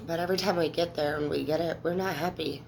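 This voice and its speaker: Woman, 30s, low gravelly voice, blunt tarot-reading monologue, slight background hiss. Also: fairly even intonation, fast, darkish tone, poor audio. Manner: candid, emotional, swears freely. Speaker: tarot reader. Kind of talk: casual monologue to viewers.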